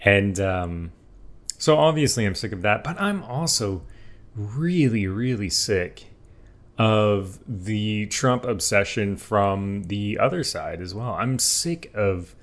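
Male host, very deep voice, mock-serious deadpan rambler. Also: slow pace. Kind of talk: comedic monologue.

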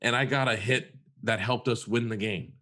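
A man's voice: mid-range voice, fairly even intonation, normal speed, pushed and bright. Earnest man telling a story. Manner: earnest, emphatic, repeats words for stress. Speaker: therapist and podcast co-host. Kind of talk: conversational storytelling.

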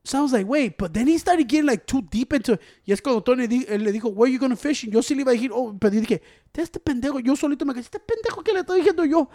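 A man, co-hosting a casual chat and telling stories in a profane, teasing, animated way. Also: very high-pitched, rapid-fire.

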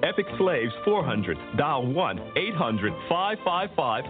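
An actor reading a punchy voiceover in a spoof commercial. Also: male voice, on the high side, very animated, takes it slowly. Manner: punchy ad read. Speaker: commercial announcer. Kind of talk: comedy film sketch. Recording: tinny phone-line audio over music.

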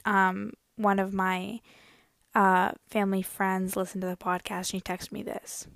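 A woman's voice: medium pitch, level tone, measured pace, creaky, a bit bright, no room sound, clean studio sound. A woman hosting her own podcast, telling stories in a chatty, rambling way full of asides. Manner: chatty and rambling, full of "I mean" and "you know". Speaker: podcast host. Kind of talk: casual solo podcast storytelling.

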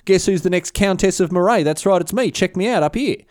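A man's voice: sits high, brisk, no room sound, studio quality, pitched above the performer's own voice, close to an everyday voice. A man voicing a cheeky, scheming noblewoman defending her castle, with a cocky, teasing, slangy manner. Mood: mocking, cheeky.

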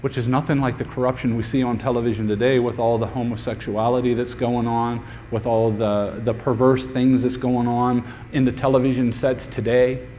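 Speaking at a moderate pace and hardly ever pausing, a male pastor gives a sermon in a mellow, medium-pitched voice with a flat delivery. He's emphatic, repeating key phrases for effect before his congregation in the church sanctuary. There's long hall reverb and a faint hum.

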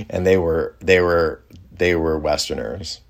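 A man's voice: low-pitched, steady tone, slow, gravelly. A man telling a personal story in a casual, reflective way, rambling with fillers and restarts. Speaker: storyteller recounting a personal experience.

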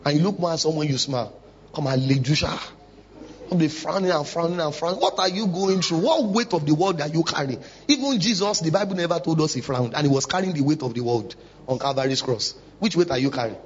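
A man's voice: on the high side, animated, fast, slight background noise. A man preaching a sermon in church, emphatic and full of rhetorical questions. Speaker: pastor. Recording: dull lo-fi recording.

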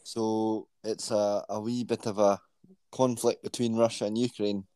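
A man's voice: fairly low pitch, flat delivery, measured pace, dark tone, smooth, dry recording. A man co-hosting a podcast who reads quiz questions in casual chat. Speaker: podcast co-host.

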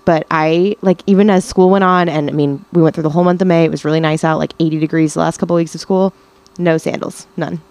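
Low-voiced young woman teacher, full of "like". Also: steady tone, fast, a little mellow, dry recording. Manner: heavy use of filler words, hesitant. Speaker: teacher, podcast guest. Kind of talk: casual chat.

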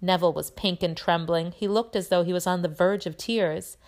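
A woman with a lowish voice reads a chapter book aloud to children. She narrates steadily and clearly, keeping an even, measured pace as a teacher would. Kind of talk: storybook reading aloud.

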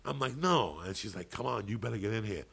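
Gravelly low-voiced man telling a profane story. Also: fast. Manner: profane, rambling, animated storytelling. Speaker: podcast co-host. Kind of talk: casual storytelling.

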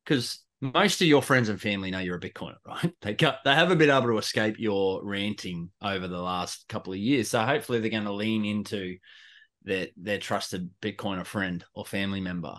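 A man's voice: lowish voice, a little fast, a bit bright. An Australian man hosting a casual podcast chat, laid-back and laughing easily. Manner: laid-back, swears freely, laughs often.

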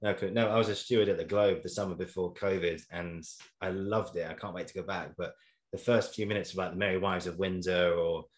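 A man hosts a casual interview podcast, asking questions in a relaxed, enthusiastic way. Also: deep voice, fairly quick. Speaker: podcast host. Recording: roomy echo.

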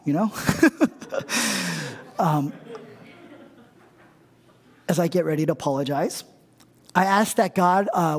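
A man's voice: sits high, big-room sound. A middle-aged man preaching a conversational sermon as a pastor, casual and humorous, often checking in with his listeners. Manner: casual and humorous, often asks the crowd "right?".

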